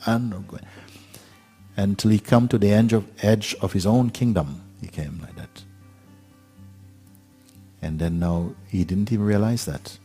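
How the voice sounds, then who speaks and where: A man giving a spiritual talk, telling a parable slowly and gently with many pauses. His voice is very deep and a little husky, with faint music playing behind. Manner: unhurried, gentle, with pauses and fillers. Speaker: spiritual teacher.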